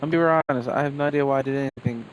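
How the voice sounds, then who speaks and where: A man's voice: mid-range voice, fairly even intonation, very fast, slight background noise, low-quality recording. A man streaming a game live, reading in-game letters and notes aloud and reacting offhandedly between them. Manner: reads documents aloud, then reacts offhandedly.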